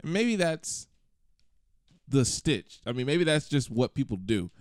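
A man's voice: mid-range voice, slow pace, dry recording, studio quality. A young man from Georgia, co-hosting a podcast in casual, laughing chat. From Georgia, USA. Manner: animated, laughing, talks over his co-host. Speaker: podcast co-host.

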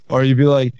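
A man's voice: medium pitch, darkish tone, no echo. Rambling man telling a story. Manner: rambling storyteller, quick, self-interrupting. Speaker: podcast host. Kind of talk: casual chat. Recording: slightly dull sound.

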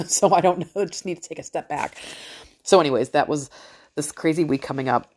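A middle-aged woman with a notably low, deep voice holds forth in a loose, rambling solo chat. She is blunt and swears freely as she talks. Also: fast, a little mellow. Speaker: podcast host. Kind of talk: casual monologue.

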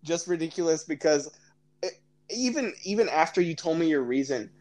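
A man's voice: fairly high pitch, lively intonation, fairly quick, a little mellow, low-quality recording. Teasing young man on a podcast. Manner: teasing, laughs a lot. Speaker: podcast co-host. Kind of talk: casual podcast banter.

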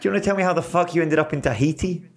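A man's voice: on the high side, racing, slight background noise. A man hosting a casual podcast, teasing and joking in crude banter. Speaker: podcast host. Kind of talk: casual chat.

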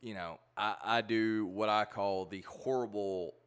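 A man hosting a podcast, chatting casually and telling animated stories with lots of laughter. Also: lowish voice, unhurried, smooth. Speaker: podcast host. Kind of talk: casual chat.

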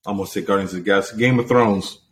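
A man's voice: fairly low pitch, fast talker, fairly bright tone, slight background noise. A young man hosting a podcast, reading entertainment news in a casual, teasing, level-headed way. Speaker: podcast host.

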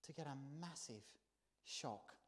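A man preaching a sermon in a church, telling the story with lively swings between soft, hushed lines and loud exclaims. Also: fairly high pitch, a little slow. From not from the country where he preaches.

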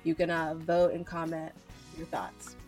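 A woman's voice: deep voice, monotone, a little slow, darkish tone. Woman podcast co-host, chatty storyteller, faint music bed. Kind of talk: casual chat.

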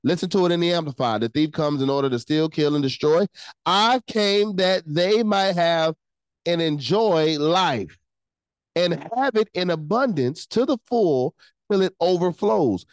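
A pastor preaching a livestreamed sermon, animated and repeating phrases for emphasis while calling out to the online chat. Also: medium pitch, measured pace, dry recording, low-quality recording.

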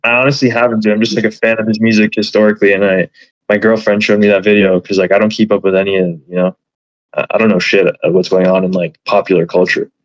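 A man's voice: lowish voice, level tone, fast talker, dry recording, lo-fi sound. A man chatting casually as a podcast guest, rambling with many fillers and swear words. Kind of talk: casual chat.

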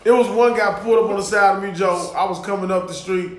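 A man's voice: high voice, fairly even intonation, fast talker, reverberant. A man telling profane, laughing road-rage stories in casual chat.

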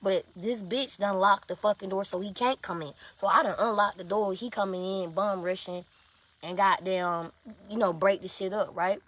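A woman's voice: mid-range voice, fairly even intonation, normal speed, fairly bright tone. A young woman telling her viewers a story in a casual, blunt and profane way, with lots of emphasis.

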